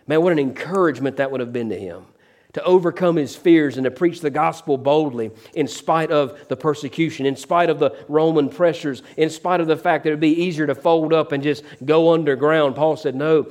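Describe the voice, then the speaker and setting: A preaching pastor with a voice sitting somewhat high for a man. He speaks in a sermon cadence, tossing "amen?" to the congregation and leaning into the quoted lines with shifts in pace and loudness. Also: a little fast.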